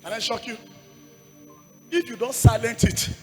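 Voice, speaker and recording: A Nigerian man preaching a sermon to a congregation in Nigerian English, shouting repeated lines and calling for responses. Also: extremely high pitch, expressive, normal speed, big-room sound, faint music behind. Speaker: evangelist preacher. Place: church service with congregation.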